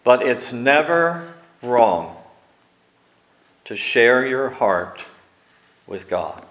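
A man preaching a sermon, telling wry personal stories and slipping into quiet asides, recorded in a church hall. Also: mid-range voice, sing-song, drawn-out words. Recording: echoey room.

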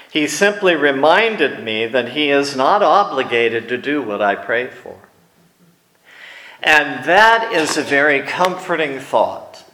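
In an echoey church hall, a man with a medium-pitched voice preaches a sermon, sharing wry personal stories and drifting into quiet asides.

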